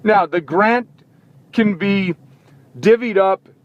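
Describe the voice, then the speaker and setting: A man's voice: high-pitched, slow pace, no echo, dull audio. A man hosting a sports talk show, giving an impassioned opinion monologue full of indignant rhetorical questions, recorded in a vehicle.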